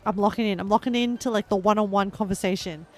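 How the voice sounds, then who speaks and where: A woman's voice: mid-range voice, fairly even intonation, fast, a little mellow, soft background music. Giggly woman streamer chatting. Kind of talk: casual let's-play commentary.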